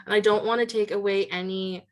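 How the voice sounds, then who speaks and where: A woman's voice: fairly even intonation, a little fast, a crowd in the background. A woman hosting a casual interview, chatting with many fillers. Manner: chatty, many "like" fillers, quotes people in a higher voice. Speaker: podcast host.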